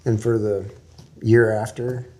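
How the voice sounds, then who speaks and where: A man's voice: lowish voice, little pitch movement, unhurried, mellow. A man from Texas, a guest in an interview, telling a long story in a folksy, rambling way with small laughs.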